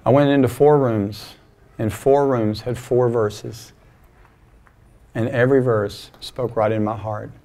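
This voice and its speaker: Gravelly-voiced man preaching a sermon. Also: mid-range voice, steady tone, slow pace, dark tone. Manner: folksy, conversational storytelling with quoted dialogue. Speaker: pastor. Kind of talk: sermon with storytelling. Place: church sanctuary.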